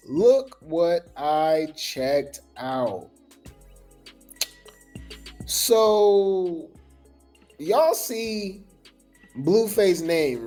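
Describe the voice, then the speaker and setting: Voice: medium pitch, dark tone. Slangy gossip host rambling over music. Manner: loose slangy chatter full of fillers. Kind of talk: casual gossip commentary.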